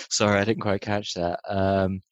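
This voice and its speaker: A man's voice: on the low side, pushed and bright, no room sound. A man co-hosting a podcast in casual chat, making wry, sarcastic asides. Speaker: podcast co-host.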